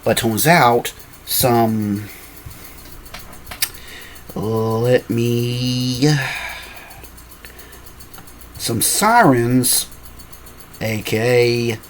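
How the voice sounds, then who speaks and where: A man's voice: mid-range voice, drawn-out words, pauses often, slight background noise. A man casually telling a fan-made story, rambling and often correcting himself with apologetic asides.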